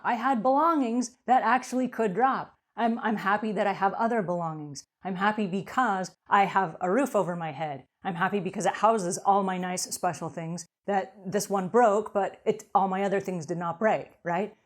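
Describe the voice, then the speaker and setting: A middle-aged woman giving an earnest motivational talk to cleaning business owners, often checking in with "okay?". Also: mid-range voice.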